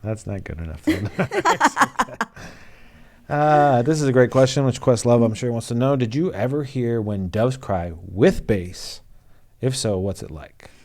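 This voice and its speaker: A man's voice: medium pitch, very animated, measured pace. A man hosting a casual interview, asking eager fan questions. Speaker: podcast host.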